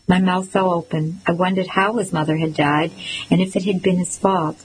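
A woman narrating a first-person story in a measured, even reading. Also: lowish voice, a little hiss or hum, rough recording. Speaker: audiobook narrator.

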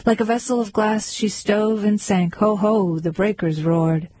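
A woman reciting poems aloud in a rhythmic, measured way. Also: medium pitch, fairly even intonation, mellow, slightly rough, dry recording, rough recording. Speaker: poetry reader. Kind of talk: recited poetry reading.

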